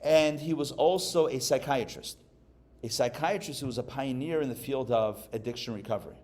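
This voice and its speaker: A man from Pittsburgh, a rabbi giving a live class, who tells stories and jokes in an animated way. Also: mid-range voice, moderate pace. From Pittsburgh, USA. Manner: animated, joking storyteller. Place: live class before an audience.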